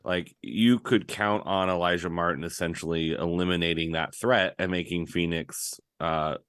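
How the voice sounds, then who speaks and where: A man's voice: low-pitched, fairly even intonation, moderate pace, a bit bright, clear, resonant tone, no room sound, studio quality. A man co-hosting a casual soccer podcast, talking through his analysis with lots of "like" and "right?" fillers. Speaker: podcast co-host. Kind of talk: casual sports podcast chat.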